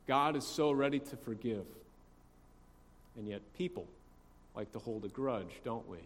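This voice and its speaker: A man preaching a sermon in a conversational way, asking rhetorical questions and swinging between soft asides and loud emphasis. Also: mid-range voice, unhurried, big-room sound. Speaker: pastor.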